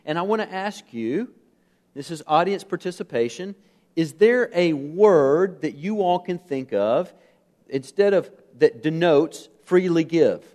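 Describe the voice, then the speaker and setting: A man's voice: fairly high pitch, animated, measured pace, darkish tone. A man from the United States preaching a sermon, earnest and emphatic, putting questions to the congregation, with fillers and restarts. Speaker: pastor.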